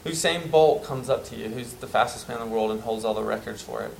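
A man preaching a sermon, earnest and emphatic, dropping to soft tones at tender moments. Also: medium pitch, fast, creaky, a little hiss or hum, low-quality recording.

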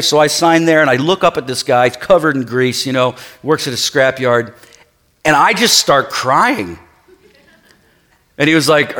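A middle-aged pastor preaches in church at a normal speed with a voice on the high side, telling stories with acted-out quotes before settling into quieter, earnest preaching.

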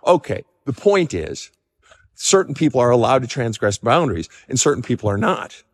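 A man's voice: medium pitch, moderate pace, husky. A middle-aged man giving casual, blunt advice as a counselor, swearing freely and pressing his points hard. He stands outside in the cold, bouncing on his feet, his voice dry and close with a long tail of reverb behind it. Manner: jumping up and down from cold and excitement. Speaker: counselor answering listener questions. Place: outdoors in the cold.

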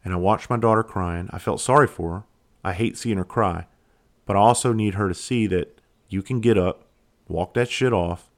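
A man hosting a podcast, talking candidly and reflectively, blunt and quick to swear. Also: sits low, gravelly. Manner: reflective, halting. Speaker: podcast host. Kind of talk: casual solo podcast monologue.

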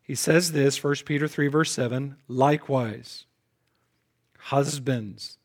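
A pastor preaches at normal speed in a level tone, yet emphatically. He often repeats words as he starts phrases, moving back and forth between loud, punchy delivery and quiet asides.

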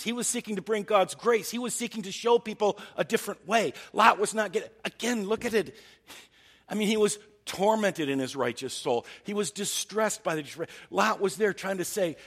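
Husky pastor preaching in an echoing hall. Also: male voice, high-pitched, fairly quick, a bit bright. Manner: earnest, thinking aloud, frequent restarts. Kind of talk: sermon.

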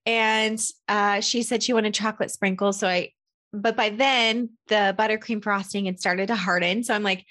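A woman hosting a podcast, candidly telling a personal story as a parent in an animated, self-deprecating way. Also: mid-range voice, normal speed. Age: adult parent. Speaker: podcast host.

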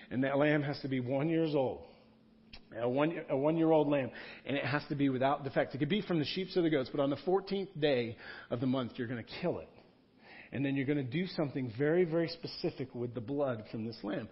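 A man's voice: medium pitch, a little fast. A man, a pastor, preaching a sermon in a church room in a conversational style, repeating key words for emphasis. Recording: dull lo-fi sound.

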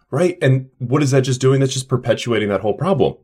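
A man's voice: mid-range voice, lively intonation, fast talker, few pauses, a little mellow, breathy edge. A man who co-hosts a podcast and runs a clinic, speaking emphatically in a coaching tone and acting out mock dialogue. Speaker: podcast co-host, clinic owner. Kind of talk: casual business podcast chat.

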